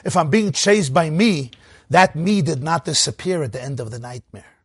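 A man giving a Torah lecture, animated, swinging between loud emphatic bursts and quiet low asides. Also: normal speed, breathy edge, dry recording, clean studio sound. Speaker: rabbi teaching a class.

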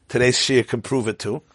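A man's voice: medium pitch, a bit bright, slightly rough, no room sound. A man teaching an informal religious class, chatty and digressive, often laughing and quizzing his listeners. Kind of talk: informal Torah class lecture.

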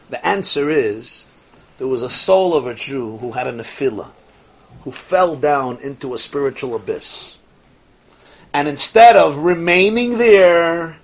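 A man teaching a Torah lecture as a rabbi. He mixes Yiddish and Hebrew terms into his English and swings from soft asides to rising exclamations. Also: on the high side, lively intonation, a little slow, slightly rough.

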